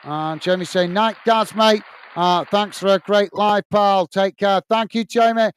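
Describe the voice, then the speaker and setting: A man's voice: high-pitched, steady tone, a little slow, slight background noise. An English man hosting a live football watch-along, casually reading out viewer comments and giving friendly, repetitive sign-offs with lots of fillers.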